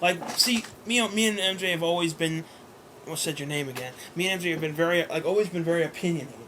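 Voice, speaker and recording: A man's voice: fairly high pitch, quick pace, background noise. A young man co-hosting a casual question-and-answer chat, rambling with lots of fillers and casual swearing. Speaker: co-host answering viewer questions.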